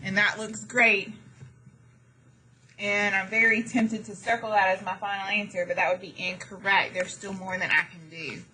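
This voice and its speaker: Bright-voiced woman teaching math. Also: mid-range voice, fairly even intonation, normal speed, a little hiss or hum, low-quality recording. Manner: chatty, dramatic asides, jokey. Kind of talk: classroom lesson. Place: classroom.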